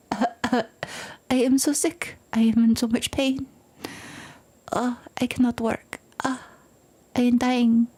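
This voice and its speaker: A pitiful, moaning fake-sick voice, raised a little and breathy at the edges, as a woman puts it on. It drags out each complaint weakly. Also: fairly high pitch, level tone, slow, long pauses, darkish tone, voice pushed up. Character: whiny grown woman faking being sick.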